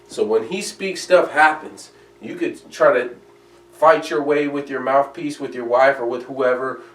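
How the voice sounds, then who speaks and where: A man preaching a sermon in an emphatic, conversational way, reading scripture aloud. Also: mid-range voice. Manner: emphatic, conversational preaching, reads King James verses aloud. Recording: echoey room from a distance.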